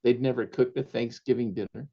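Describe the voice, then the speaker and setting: A man's voice: medium pitch, fairly even intonation, a little fast, creaky, lo-fi sound. Laughing older man telling family stories. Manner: warm anecdotal storyteller, laughs often, drops Spanish phrases. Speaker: author guest. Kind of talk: storytelling interview.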